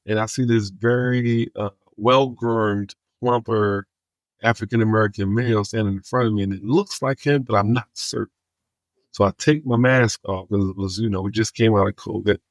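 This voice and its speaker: Podcast guest, man; animated storyteller who acts out the dialogue, low voice. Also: normal speed, no echo. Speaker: guest, homelessness outreach worker.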